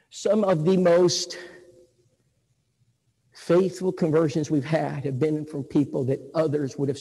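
Preacher, folksy storyteller, husky higher voice, church hall reverb. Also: male voice, dark tone. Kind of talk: sermon with storytelling. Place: church auditorium. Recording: echoey hall.

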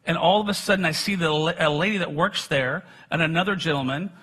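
A man's voice: a little high, quick pace, fairly bright tone, husky. A middle-aged man preaching a sermon, telling personal stories in a conversational way with self-deprecating humor.

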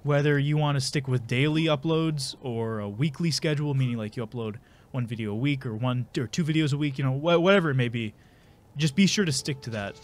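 A man with a congested, mid-range voice speaks briskly while playing a video game. His commentary is a casual, rambling, self-deprecating let's play.

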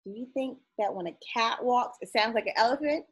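Reading a picture book aloud to young children, a woman teacher speaks briskly in a husky voice on the high side. She's playful and sing-song, stretching out the sound words and asking the kids questions.

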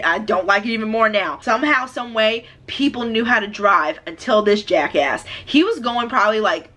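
A young woman telling a story in a casual, animated vlog while doing her hair, exasperated at times. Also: medium pitch. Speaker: hair vlogger.

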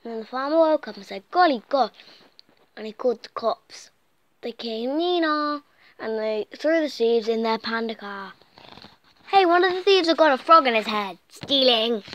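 A woman reading a children's picture book aloud in an animated way, often dropping into soft whispers and stumbling over words. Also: a little high, normal speed, low-quality recording. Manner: animated, slips into soft whispers and tripping restarts.

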